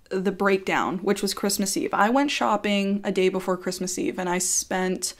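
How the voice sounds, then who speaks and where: A woman's voice: mid-range voice, normal speed, few pauses. A woman telling a personal story to camera in a casual vlog, chatty and blunt, swearing freely and filling with "like".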